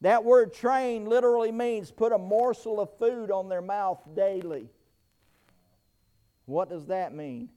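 A middle-aged preacher man with a very high voice. He preaches with bursts of shouting and many amens, stumbling over restarts. He pauses often, short of breath. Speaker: pastor. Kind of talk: sermon.

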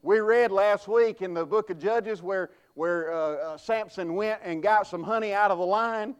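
A man preaching a sermon in a notably high voice. He is folksy and emphatic, often restarting his words as he drives a point home. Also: moderate pace, smooth. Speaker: pastor.

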